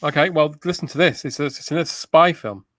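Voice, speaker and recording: A man hosting a comedy chat, reading out film pitches in a straight-faced way. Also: moderate pace, fairly bright tone, dry recording. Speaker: host pitching film ideas.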